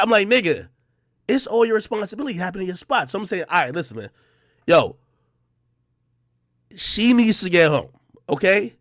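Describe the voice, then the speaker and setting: A man's voice: high voice, sing-song, moderate pace, pauses often, a bit bright, no echo, clean studio sound. A man streaming live, telling a story to his chat in casual, profane slang and acting out the dialogue.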